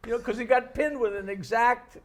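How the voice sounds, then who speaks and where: A man's voice: extremely high pitch, a little fast. A man telling a comic story in a rambling way, chuckling as he goes. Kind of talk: casual comedy storytelling.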